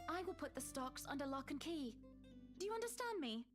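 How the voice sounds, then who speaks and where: A woman's voice: sits high, big pitch swings, brisk, music in the background. A woman voicing a stern young noblewoman who scolds firmly. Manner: firm, scolding.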